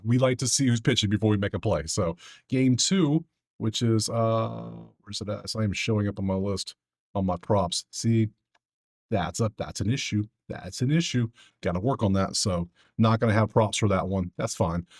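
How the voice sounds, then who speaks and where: A man hosting a casual sports betting breakdown, talking to himself as he clicks through his sheets. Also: on the low side. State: out of breath.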